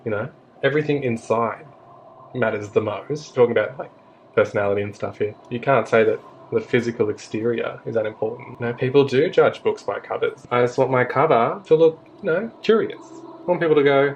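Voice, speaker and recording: A fast-talking Australian man chats to camera, drifting through a self-mocking story with plenty of asides. His voice sits at an ordinary pitch for a man. The audio is a little dull, with a faint hiss behind it. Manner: chatty, rambling and self-mocking, with frequent asides. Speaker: vlogger. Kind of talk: casual storytime monologue.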